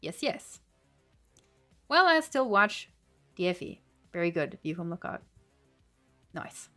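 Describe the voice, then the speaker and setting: A woman's voice: lowish voice, very animated, takes it slowly, a bit bright, faint music behind. A woman, a language-learning streamer, chatting casually on a livestream as she reads and answers viewer comments, laughing often and switching between English and German.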